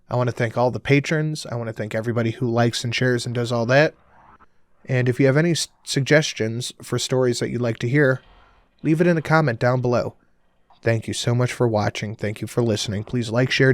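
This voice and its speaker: A man's voice: medium pitch, dry recording. A man narrating a horror audiobook in a dramatic, conversational first-person voice.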